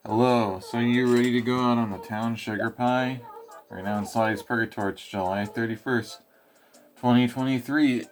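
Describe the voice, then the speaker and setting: A man's voice: medium pitch, fairly even intonation, normal speed, close to an everyday voice. A man doing a flirty sweet-talking greeter. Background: game music.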